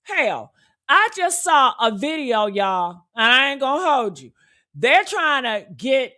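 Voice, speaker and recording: A woman hosting a casual commentary video, talking straight to her viewers in an outspoken, animated rant. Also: high-pitched, slow. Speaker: commentary host.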